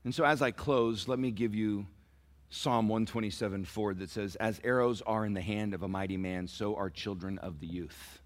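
A middle-aged man preaching a sermon to parents, swinging from soft, near-whispered lines to loud emphatic peaks and acting out dialogue as he tells stories. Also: fairly low pitch, fairly even intonation, normal speed. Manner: acts out quoted dialogue in a storytelling sermon. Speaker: pastor.

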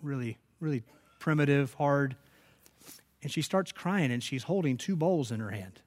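A man's voice: mid-range voice, lively intonation, normal speed, a little mellow. A man preaching a sermon, telling stories and rising to emphatic peaks. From United States. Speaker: pastor.

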